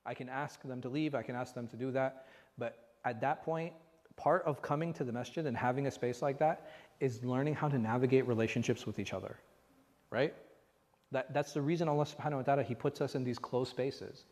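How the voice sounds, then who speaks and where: A man's voice: medium pitch, brisk, darkish tone. A man, an imam, teaching a conversational religious class and often asking the room rhetorical questions. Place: mosque class hall. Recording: reverberant hall.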